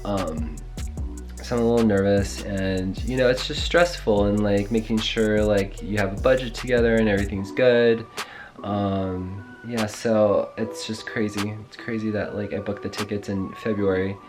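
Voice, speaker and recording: A young man in casual vlog chat, rambling and excitable, swearing casually as he talks. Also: fairly low pitch, normal speed, music in the background. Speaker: travel vlogger.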